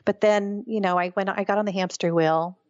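A woman's voice: medium pitch, fairly even intonation, brisk, darkish tone, no echo, dull audio. A middle-aged woman, a guest, telling her story in an earnest, reflective way during an interview. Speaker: guest, author. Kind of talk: interview conversation.

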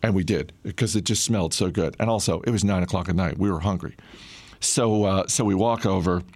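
A middle-aged man casually telling a personal story in a relaxed, conversational way, with frequent "uh" fillers. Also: deep voice, fairly quick, no room sound.

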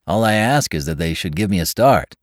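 A self-satisfied, fussy photographer, played by a male narrator, earnestly promoting himself. The voice stays low and near the narrator's own. The sound is close and dry. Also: animated, a little fast, dry recording.

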